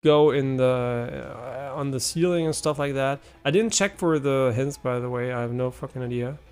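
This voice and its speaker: A young man streaming live, giving casual gameplay commentary, excitable and swearing a lot as he talks to his chat. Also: mid-range voice, normal speed, clean tone.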